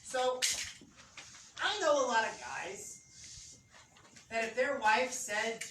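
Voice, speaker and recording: A man teaching a Torah class in a lively way, asking the audience questions and acting out scenes. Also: very high-pitched, takes it slowly, pauses often. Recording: echoey room, distant mic, background noise.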